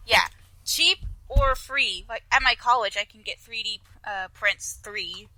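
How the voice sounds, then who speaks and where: A woman's voice: a little high, measured pace, bright, forceful tone, slight background noise, rough recording. A woman co-hosting a casual podcast, laughing often and teasing the others. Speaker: podcast co-host. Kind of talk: casual group podcast chat.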